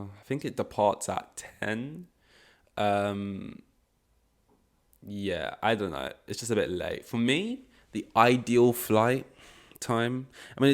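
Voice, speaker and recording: A young man hosting a solo podcast in a rambling, casual way, often correcting himself. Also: fairly low pitch. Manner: rambling, self-correcting, frustrated asides. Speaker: podcast host.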